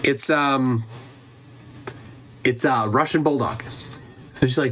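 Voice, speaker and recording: A man's voice: medium pitch, animated, normal speed, pauses often, a bit bright. A man hosting a casual livestream, telling stories in a rambling, self-interrupting way. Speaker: livestream host. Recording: faint background noise and clicks.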